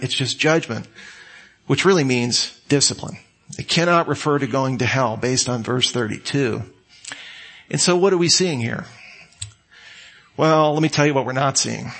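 A man's voice: a little high, fairly bright tone. A man preaching an expository sermon in a church, teaching conversationally with rising emphasis. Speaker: pastor. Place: church sanctuary.

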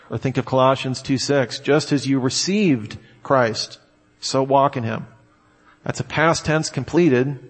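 A man's voice: medium pitch, in a large hall. A man preaching a Bible-teaching sermon, reading verses aloud and arguing through each one. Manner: reads scripture aloud and argues each verse.

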